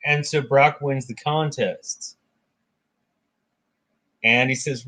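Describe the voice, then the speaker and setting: Guy hosting a book chat, retelling myth stories loose and casual, mid-pitch voice. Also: takes it slowly. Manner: animated retelling, voicing characters briefly. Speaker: book discussion host.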